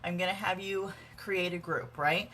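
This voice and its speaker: A woman's voice: lowish voice, steady tone, moderate pace, bright, forceful tone. A woman direct sales consultant giving casual how-to advice in a vlog, chatty with lots of fillers and dry, sarcastic humor, recorded on a phone at home. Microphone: phone camera.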